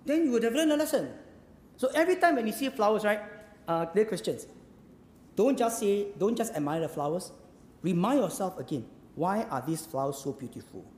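Animated Singaporean man preaching in a hall. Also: high voice, fairly quick, long pauses. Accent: Singaporean English. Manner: animated, asks the audience rhetorical questions. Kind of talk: sermon. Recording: echoey hall with faint ambience.

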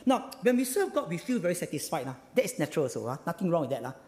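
Animated high-voiced Singaporean pastor preaching. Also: male voice, racing. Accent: Singaporean English. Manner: animated, peppered with "ah" and "lah" tags, rhetorical questions. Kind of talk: sermon. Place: church hall. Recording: long hall reverb.

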